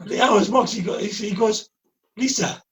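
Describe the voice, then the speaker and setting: A man's voice: high-pitched, steady tone, a little fast, far from the mic, slight background noise. A man co-hosting a podcast who cuts in with sarcastic remarks and swearing in casual film talk. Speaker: podcast co-host. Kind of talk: casual chat reviewing a film.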